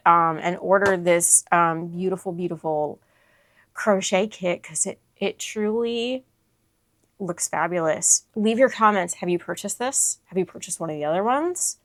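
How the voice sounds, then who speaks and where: A woman hosting her crochet channel, gushing with excitement as she unboxes and shows off yarn, dropping into whispered asides. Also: on the low side, no room sound.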